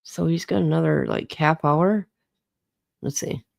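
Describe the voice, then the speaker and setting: A woman's voice: deep voice, a little slow, vocal fry, darkish tone. A woman chatting casually on a live stream, rambling and talking to her viewers by name. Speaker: interview guest streaming live.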